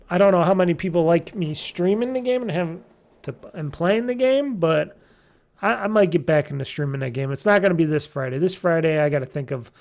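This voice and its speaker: Gravelly-voiced man hosting a gaming podcast. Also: a little high, darkish tone. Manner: loose and chatty, many fillers and restarts. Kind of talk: casual rambling game review.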